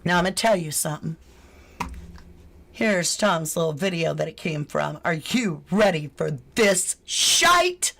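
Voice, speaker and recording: A woman's voice: lowish voice, expressive, measured pace, creaky, fairly bright tone. A woman hosting a true crime channel, chatting casually with live viewers, greeting them and reading their names aloud, with casual swearing. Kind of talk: casual livestream chat.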